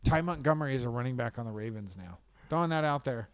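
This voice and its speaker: A man's voice: medium pitch, animated, fast talker, clean tone, dry recording. A man co-hosting a podcast, chatting casually and confidently about football picks and trades. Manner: opinionated, confident football predictions. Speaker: podcast co-host. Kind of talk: casual sports chat.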